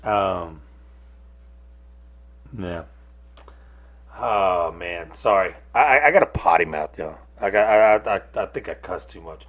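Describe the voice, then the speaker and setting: A man's voice: sits low, expressive, slow, pauses often, a bit bright. A man, ranting casually to camera, rambling and cursing with many restarts. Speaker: host. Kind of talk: casual solo rant to camera. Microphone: camera on a device, close.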